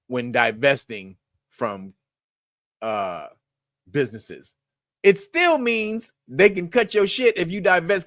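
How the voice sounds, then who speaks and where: A commentary show host rambles through casual remarks bluntly and profanely, laughing a lot and often restarting. His high, fairly bright voice swings widely in pitch, and the recording is dry and close.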